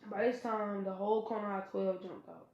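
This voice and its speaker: A woman's voice: medium pitch, steady tone, moderate pace, muffled recording, background noise. A woman narrating a casual fan-made story in a loose, chatty way, talking straight to her viewers.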